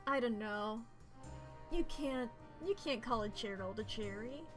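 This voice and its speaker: Woman streamer, casual self-deprecating commentary, somewhat high voice. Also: a little slow, faint music behind. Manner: rambling, self-deprecating, giggly asides. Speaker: streamer playing a story game. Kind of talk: casual game commentary, reading dialogue aloud.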